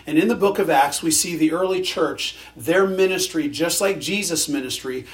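A male pastor preaching a sermon in a conversational way, with dry sarcastic humor. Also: on the high side.

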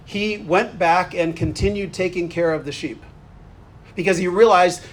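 A man preaching a sermon as a pastor, earnest and conversational, with bursts of animated energy. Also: high voice, normal speed.

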